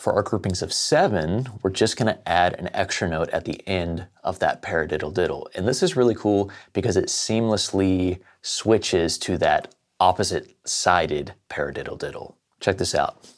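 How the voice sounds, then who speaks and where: A man's voice: low voice, normal speed, hardly any pauses, noisy background. A man teaching a drum lesson, explaining sticking patterns step by step and counting beats aloud. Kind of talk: casual lesson.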